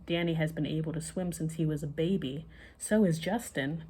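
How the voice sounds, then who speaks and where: A woman reading a children's bedtime story aloud in an expressive, lively way. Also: deep voice, normal speed, breathy edge.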